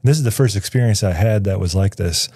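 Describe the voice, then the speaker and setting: A man speaks as an interview guest in a studio, recounting a personal story in a reflective, searching way. His voice sits fairly low, with a soft, mellow tone. The sound is close and dry, with no room echo. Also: brisk. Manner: reflective, searching for words with frequent restarts. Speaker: guest, writer.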